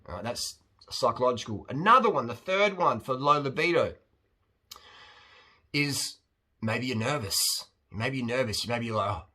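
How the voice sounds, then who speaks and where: A man with a bright, forward voice and a husky edge to it, talking bluntly in a rambling advice monologue. He is animated and keeps slipping into quick impressions of other people as he goes, keeping the tone casual and unpolished. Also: medium pitch. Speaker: host answering viewer questions.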